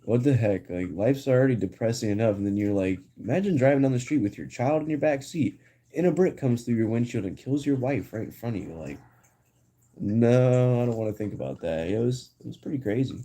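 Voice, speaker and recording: A man's voice: mid-range voice, lively intonation, fast talker, mellow, husky. A young man hosting a live stream, chatting casually with viewers in a rambling, slangy way full of "like" and "dude".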